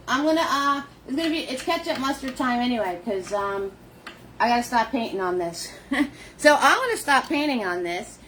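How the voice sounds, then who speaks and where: A woman leading a live painting lesson, chatty and warm with viewers, greeting them by name in sing-song hellos. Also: sits high, expressive, moderate pace, a little hiss or hum. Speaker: painting instructor.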